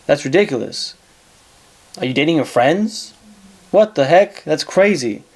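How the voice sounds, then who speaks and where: A man's voice: a little high, big pitch swings, unhurried, a little mellow. A man hosting an advice show, talking casually in a blunt, profane way and repeating himself for emphasis.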